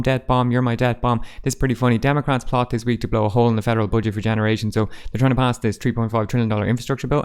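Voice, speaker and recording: A man's voice: mid-range voice, a little mellow, clear, resonant tone. A man hosting a casual roundup of newspaper front pages, with dry, sarcastic asides. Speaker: host.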